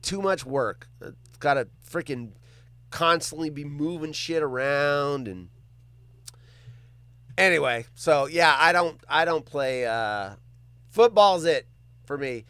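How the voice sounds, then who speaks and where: A man hosting a casual livestream, reading viewer comments out loud, joking around and swearing freely. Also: fairly high pitch, smooth, dry recording. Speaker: livestream host.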